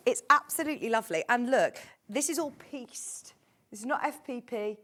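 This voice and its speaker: A woman's voice: on the high side, normal speed, fairly bright tone, a little hiss or hum. Gushing chatty woman presenter. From England. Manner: gushing, chatty, reads out viewer messages. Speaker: shopping channel presenter. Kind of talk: live sales chat. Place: TV studio.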